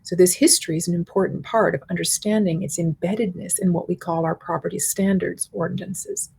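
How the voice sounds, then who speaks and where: A middle-aged woman delivers a conference keynote in a lowish voice with plenty of gravelly fry. Her tone is a little husky. She speaks in an articulate, measured way and builds her points in lists. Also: steady tone, a little mellow. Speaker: keynote speaker, university professor.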